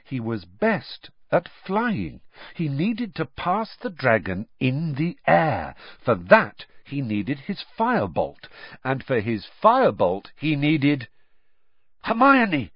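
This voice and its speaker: Husky man narrating a storybook. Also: medium pitch, sing-song, slow pace, no echo. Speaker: audiobook narrator. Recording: muffled lo-fi recording.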